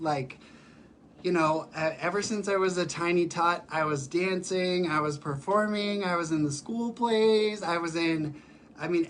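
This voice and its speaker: A man who performs in drag, chatting casually on a live stream while sick, with a raspy voice and many fillers. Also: sits high, fairly bright tone, a little hiss or hum. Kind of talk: casual livestream chat. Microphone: phone or webcam for a live stream.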